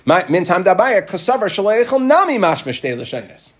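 A man teaching a lively Talmud class, explaining the text and acting out what people say. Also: high-pitched, brisk. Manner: animated, acts out quoted speakers.

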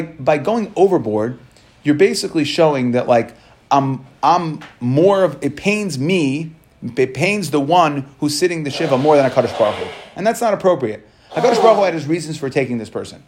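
A man with a slightly higher voice teaches a Talmud study lesson. He reads a passage aloud and then explains it in plain, casual speech. He often stops to restart his sentences and fills pauses as he works through the text. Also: darkish tone.

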